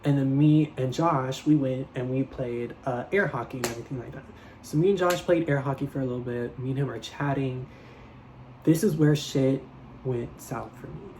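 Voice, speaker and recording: Young male vlogger, mid-pitched voice, dramatic gossipy storytelling with constant fillers. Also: moderate pace, a little mellow, a little hiss or hum, rough recording. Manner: chatty, heavy on filler "like", swears freely; dramatic, switches into playful higher voices when quoting people. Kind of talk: casual storytime vlog.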